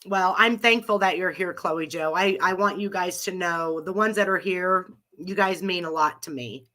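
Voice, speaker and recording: Casting note: bright, forceful middle-aged woman with a cold, rambling live host. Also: lowish voice, moderate pace. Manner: rambling, chatty, laughs often. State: has a cold. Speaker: live audio room host. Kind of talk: casual chat with listeners.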